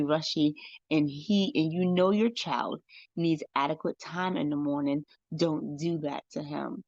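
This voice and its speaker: A woman's voice: low voice, vocal fry, dry recording, dull audio. A woman hosting a podcast, telling a parenting story in a casual, chatty way, often checking in with "right?" and "you know". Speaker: podcast host.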